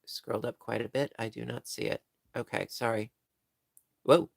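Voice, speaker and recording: A man with a gravelly voice of middle pitch hosts a casual livestream from home, chatting with viewers as he reads their comments. He rambles, restarts his sentences and apologizes often. The sound is dry and close, with no room echo. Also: fairly even intonation, moderate pace. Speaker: livestream host. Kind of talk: casual chat reading live comments.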